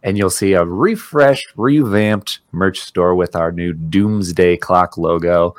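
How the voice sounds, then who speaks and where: A man's voice: deep voice, slow, no room sound. A man co-hosting a podcast, chatting casually and joking, laughing often. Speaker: podcast co-host. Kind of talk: casual chat.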